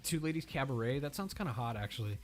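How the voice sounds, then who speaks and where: Hosting a reaction video, a man with a mid-range voice and lively intonation talks fast over video clips while faint music plays. His commentary is rambling and casual, full of laughs and swearing.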